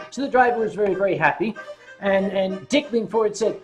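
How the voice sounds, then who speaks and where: An American man hosting a livestream and telling a rambling, self-mocking story, with now and then a cleared throat. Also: high voice, brisk, a little mellow, faint music behind, poor audio. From United States. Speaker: host.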